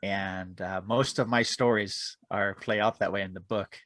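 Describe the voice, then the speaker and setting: A man's voice: lowish voice, a little slow, no room sound. Laughing, self-mocking storyteller man. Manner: animated self-deprecating storyteller, laughs often. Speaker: guest, aerial cameraman and author. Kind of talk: podcast interview storytelling.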